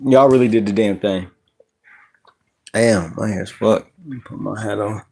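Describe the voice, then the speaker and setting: A man hosting a casual live stream, greeting viewers by name in relaxed slang. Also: on the low side, a little slow, gravelly, a little hiss or hum. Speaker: channel host.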